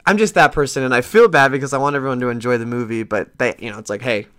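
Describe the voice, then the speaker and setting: Man, podcast host, casual rambling story, restarts, mild swearing, livens up retelling chats, mid-pitched voice. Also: quick pace, smooth. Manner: lively when retelling conversations.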